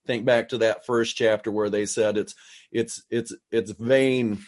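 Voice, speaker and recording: A man's voice: on the low side, fairly even intonation, a little slow. A man preaching a sermon, reading verses and explaining them in his own words, with frequent restarts. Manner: expository preaching with frequent restarts and paraphrased quotes. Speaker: pastor.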